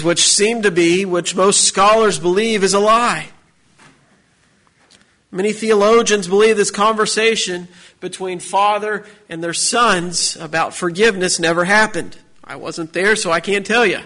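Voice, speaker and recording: A man's voice: high-pitched, pushed and bright. A man preaching a sermon as a pastor, building emphasis with repeated phrases.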